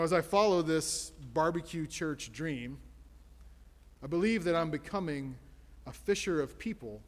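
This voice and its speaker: A man's voice: a little high, in a large hall. A man preaching a sermon in a church sanctuary, building his points through strings of rhetorical questions with an emphatic preaching cadence. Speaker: pastor.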